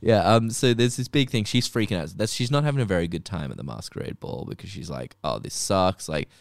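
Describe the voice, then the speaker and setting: A man's voice: on the low side, very animated, fast talker, gravelly, no echo. A man casually recapping a movie plot, rambling and swearing, often playing out the characters' lines.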